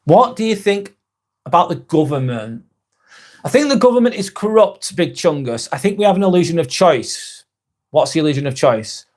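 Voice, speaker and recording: A man's voice: fairly high pitch, very animated, moderate pace, darkish tone. A man with a Lancashire accent hosting a casual live stream, talking bluntly and candidly, swearing now and then and reading out viewer comments. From northwest England.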